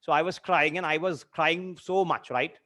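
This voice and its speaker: A young man in his twenties, a teacher telling a personal story in a lesson, earnest and halting with many fillers and repeated phrases. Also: fairly high pitch, fairly bright tone. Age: 20s. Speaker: literature teacher.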